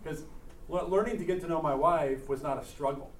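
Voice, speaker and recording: A man speaking earnestly and haltingly in a casual conversation about faith, with frequent restarts. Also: fairly high pitch, a little hiss or hum. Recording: echoey room, mic at a distance.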